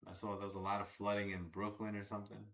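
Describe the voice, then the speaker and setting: A young man with a lowish voice gives casual live fan commentary on a baseball game. He is chatty and excitable, cheering players on and cursing when plays go wrong. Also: fast talker, creaky. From Long Island, New York.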